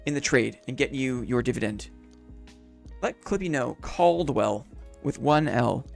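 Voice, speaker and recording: A man's voice: high voice, fairly bright tone. A man streaming a game live, chatting casually with viewers in a playful, mock-formal, upbeat way.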